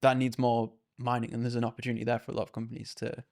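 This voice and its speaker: A man hosts a casual podcast, talking quickly in a relaxed, easygoing way. He keeps dropping "like" into his sentences as he follows up on his guest. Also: mid-range voice. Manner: laid-back, leans heavily on "like". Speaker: podcast host.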